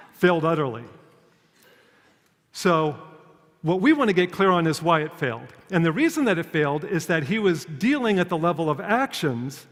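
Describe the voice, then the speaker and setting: A man delivers a prepared public talk at a measured pace, telling stories and posing rhetorical questions. His voice sits fairly high for a man. The sound carries a long reverb, as if the talk was recorded in a large hall. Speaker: public speaker.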